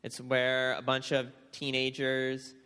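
A man's voice: mid-range voice, slow pace, clear, resonant tone. A young man casually telling a mission trip story in a church hall, acting out the dialogue as he goes. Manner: animated storytelling, acts out quoted dialogue. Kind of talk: casual testimony talk. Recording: reverberant hall.

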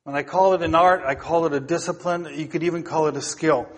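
A man's voice: on the high side, steady tone, brisk, long reverb tail. A middle-aged male pastor preaching a sermon, earnest and exhorting, often asking the congregation questions.

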